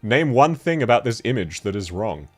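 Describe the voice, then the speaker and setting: A man's voice: fairly low pitch, big pitch swings, normal speed, darkish tone, soft background music. A man with a cold, chatting casually on a livestream, reading chat and laughing often. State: sick with a cold. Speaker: VTuber streamer.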